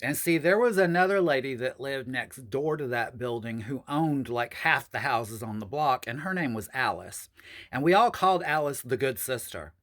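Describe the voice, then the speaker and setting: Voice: medium pitch, animated, normal speed, fairly bright tone. A host telling a personal story in a casual vlog, chatty and addressing viewers as "y'all.".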